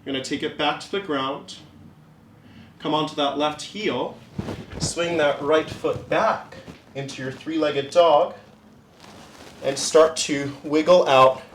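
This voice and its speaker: A man leading a yoga class, giving calm, encouraging step-by-step cues. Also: mid-range voice, echoey room. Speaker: yoga instructor.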